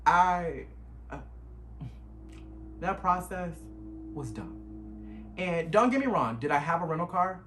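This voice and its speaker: A young man, retelling a stressful road trip in an animated, emotional storytime vlog. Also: sits high, slow, pauses often, soft background music. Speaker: vlogger. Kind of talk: casual storytime.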